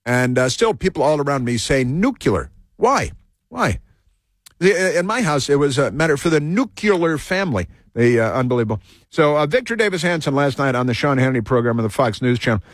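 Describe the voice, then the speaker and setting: Dry, halting male talk show host. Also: medium pitch, expressive, no echo. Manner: halting, full of fillers and restarts. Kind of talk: rambling political talk monologue.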